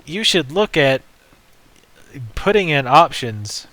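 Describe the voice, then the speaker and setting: Bright-voiced chatty gaming host. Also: male voice, fairly high pitch, sing-song, takes it slowly, no room sound. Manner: chatty, joking, rambling. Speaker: let's play host. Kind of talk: casual gameplay commentary.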